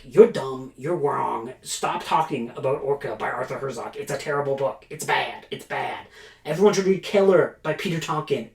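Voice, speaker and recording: A man casually reviewing horror books for a vlog, enthusiastic and prone to rants, with lots of "like" and "um". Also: mid-range voice. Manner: enthusiastic, ranting, filler-heavy. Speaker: book reviewer. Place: small storage room, indoors. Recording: roomy storage-room echo.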